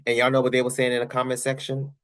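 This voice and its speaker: A young man hosting his channel comments casually on news clips in a mid-range, somewhat bright voice, racing through it with a completely flat delivery. He addresses his viewers head-on, repeats his points, and fires off rhetorical questions.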